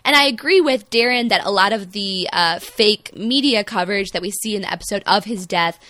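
A young woman from the American Midwest with a Midwestern accent, co-hosting a casual podcast in a chatty, self-deprecating, animated way. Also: medium pitch, fairly quick, no room sound. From Midwestern United States. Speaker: podcast co-host.

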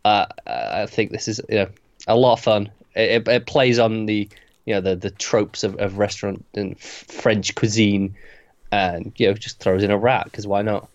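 A man co-hosting a casual movie-ranking chat, talking in a wry, lively way. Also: lowish voice, normal speed, muffled recording. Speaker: podcast co-host ranking movies.

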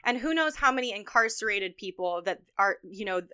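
A woman's voice: mid-range voice, expressive, a little fast, sharp tone, clean tone. A woman co-hosting a podcast, ranting heatedly about politics in a casual, profane way. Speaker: podcast co-host.

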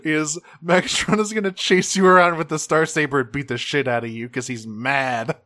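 A man co-hosting a casual podcast chat, animated and profane, acting out characters in raised voices. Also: on the high side, moderate pace. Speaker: podcast co-host.

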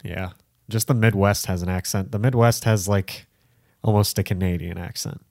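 A man's voice: lowish voice, steady tone, moderate pace, vocal fry, a little mellow, no echo, clean studio sound. A man co-hosting a podcast, rambling in casual chat with lots of filler words. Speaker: podcast co-host.

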